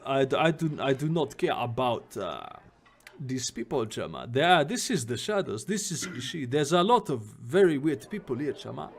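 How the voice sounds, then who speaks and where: A man's voice: medium pitch, very animated. A man putting on a pompous Jamaican-style runner boss. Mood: haughty. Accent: put-on Jamaican-style. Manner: self-important, halting. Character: pompous veteran male shadowrunner boss.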